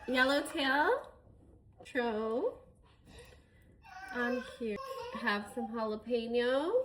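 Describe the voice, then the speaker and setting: A woman's voice: a little high, background noise. A woman casually narrating as she prepares food for her cooking vlog. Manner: chatty, talks while preparing food. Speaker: cooking vlogger.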